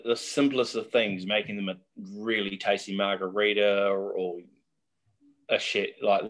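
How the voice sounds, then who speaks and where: A middle-aged man, a guest telling chatty, laughing anecdotes in a casual interview. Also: lowish voice.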